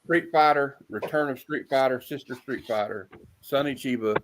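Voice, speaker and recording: A man's voice: mid-range voice, normal speed, a bit bright, slight background noise, low-quality recording. A man hosting a casual livestream chat, rambling and repeating himself, laughing often.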